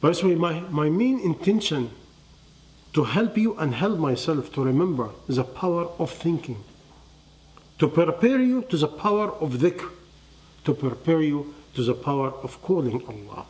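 A man giving a sermon to listeners, quizzing them with rhetorical questions and dropping to a hush on key phrases. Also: on the high side, very animated, moderate pace. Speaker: religious teacher. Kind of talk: sermon to a live audience.

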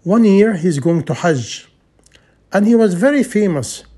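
A man's voice: high voice, lively intonation, measured pace, warm tone, breathy edge. A man preaching a sermon as a story, earnest and repetitive, in broken English.

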